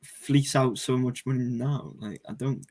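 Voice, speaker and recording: A man's voice: mid-range voice, unhurried, darkish tone. A man co-hosting a football podcast in casual chat, sarcastic and filling his talk with "like". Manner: sarcastic, fills with "like". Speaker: podcast co-host.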